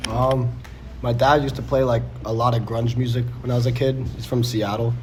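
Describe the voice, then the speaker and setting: A man's voice: mid-range voice, little pitch movement, fairly quick, noisy background. A young man in a band, talking casually in a laid-back way. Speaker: band member. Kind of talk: casual interview chat.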